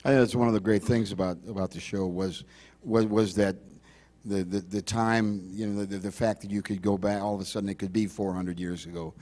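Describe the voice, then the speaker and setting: Brief: male panelist, lowish voice, stumbling, repeats small words while he thinks. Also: steady tone, a little mellow. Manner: halting, repeats words while searching for them. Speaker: actor on a convention panel. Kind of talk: convention panel discussion.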